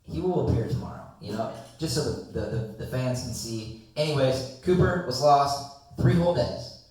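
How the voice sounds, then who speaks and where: A man's voice: mid-range voice, normal speed. Rambling young man, echoey and distant. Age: young adult. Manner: rambling, animated, swears freely. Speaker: guest storyteller. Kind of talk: casual storytelling among friends. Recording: echoey room, distant mic.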